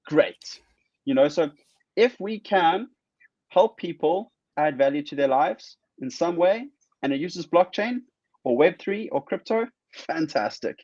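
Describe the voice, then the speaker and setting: A man in a casual interview, talking fast and excitedly, with his thoughts running into each other. The sound is dull and a bit muffled, and it is dry and close, with no room echo. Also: a little high. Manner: animated, rambling, excitable. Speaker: guest artist.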